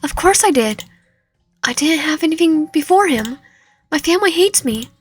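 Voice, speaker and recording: A woman voicing a lonely, broken young man in a game, halting and pleading. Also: high voice, lively intonation, soft background music, pitched above the performer's own voice.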